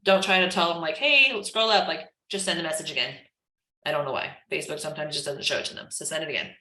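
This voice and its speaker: A woman's voice: low-pitched, rapid-fire, pushed and bright, reverberant, low-quality recording. A woman running a casual live training session, chatty and full of "like", acting out chat messages. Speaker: team trainer.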